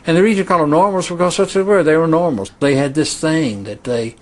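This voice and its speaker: A man's voice: fairly high pitch, fast, darkish tone. A man in a documentary interview, reminiscing casually with a loose, amused manner.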